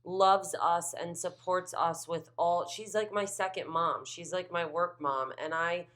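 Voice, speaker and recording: A woman's voice: lowish voice, unhurried, a bit bright. Blunt, gushing young woman co-host. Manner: gushing, blunt, casual swearing. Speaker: podcast co-host, bartender. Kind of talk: casual chat.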